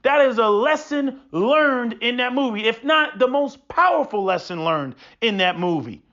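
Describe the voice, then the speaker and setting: A man's voice: very high-pitched, lively intonation, moderate pace, sharp tone. A man in a profane, preachy opinion monologue who often stumbles into repeated restarts. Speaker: podcast host. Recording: dull lo-fi sound.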